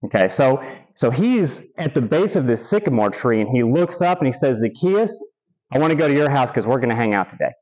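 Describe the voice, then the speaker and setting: A man's voice: mid-range voice, sing-song, quick pace, darkish tone, dull audio. A man preaching a sermon as pastor, telling stories with quoted asides and emphatic repetition.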